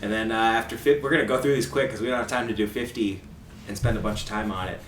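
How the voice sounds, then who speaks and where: A man's voice: fairly low pitch, fairly even intonation, quick pace, fairly bright tone. A man co-hosting a soccer podcast in a casual, chatty way, laughing often. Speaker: podcast co-host. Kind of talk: casual chat. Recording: roomy echo, distant mic, faint hiss.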